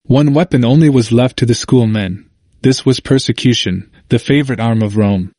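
A man narrating a history book in a measured, even reading. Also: mid-range voice, no echo, studio quality. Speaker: audiobook narrator.

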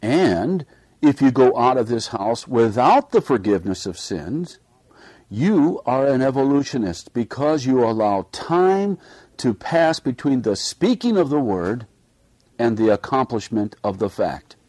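Slow, earnest man preaching a sermon. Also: mid-range voice, sing-song, darkish tone, no room sound. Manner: earnest, pressing rhetorical questions. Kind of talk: read-aloud sermon.

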